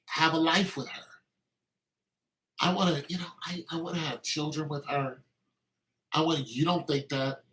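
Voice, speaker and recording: A man's voice: high voice, pushed and bright, poor audio. A man delivering a heated opinion rant, emphatic and full of restarts and repeated words. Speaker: commentator.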